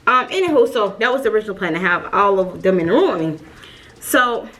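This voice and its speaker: A young woman telling a storytime vlog, chatty and lively, calling her viewers y'all. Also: medium pitch, fast, noisy background. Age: young adult. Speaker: vlogger.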